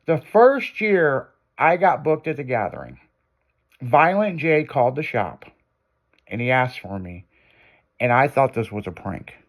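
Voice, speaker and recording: A man casually telling a long anecdote, profane and animated, acting out what people said. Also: mid-range voice, unhurried. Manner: profane, animated, acts out quotes. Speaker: guest storyteller. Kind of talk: casual storytelling.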